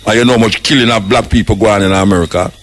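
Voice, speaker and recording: A man's voice: on the low side, very fast, slight background noise. An older man with a Jamaican accent, hosting a radio talk show and speaking out with impassioned, preaching commentary, mixing patois and English. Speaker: radio host.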